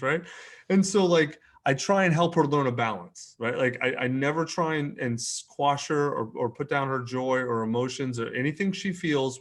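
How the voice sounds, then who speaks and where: A man's voice: medium pitch, fairly bright tone. A man in his thirties, frank and earnest, swearing casually and restarting sentences while telling a personal story as a podcast guest. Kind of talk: candid conversational storytelling.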